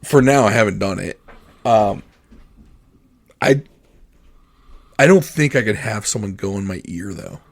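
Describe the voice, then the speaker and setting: A man's voice: on the low side, animated, a little slow, creaky, long pauses. A young adult man co-hosting a podcast, chatting casually in a rambling way, laughing often and swearing freely. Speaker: podcast co-host. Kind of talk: casual chat.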